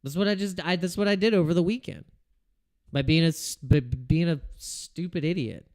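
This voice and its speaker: A man's voice: fairly high pitch, moderate pace, a little mellow, no room sound, studio quality. A man hosting a casual livestream about trading, ranting in frustration, swearing and restarting his sentences. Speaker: crypto trading livestream host.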